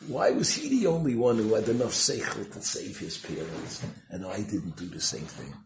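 A man's voice: deep voice, animated, moderate pace, echoey room, noisy background. A man voicing a guilt-stricken elderly survivor, speaking in an anguished, raised voice.

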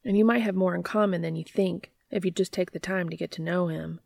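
A woman voicing a reasonable young man, a younger brother studying law, who argues calmly and persuasively in a storybook reading. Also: lowish voice, fairly quick, gravelly, no echo, studio quality. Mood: reassuring. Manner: calm, persuasive.

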